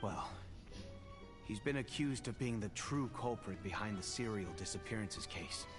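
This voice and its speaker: An actor playing a measured adult male investigator in a game, explaining with concern over game music. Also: on the low side, lively intonation, close to an everyday voice. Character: adult man, calm investigator ally. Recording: game audio with music behind.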